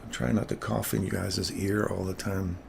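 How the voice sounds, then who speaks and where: Male stream host, low and gravelly, playful live trading commentary. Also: moderate pace, slight background noise. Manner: playful, teasing, excitable calls.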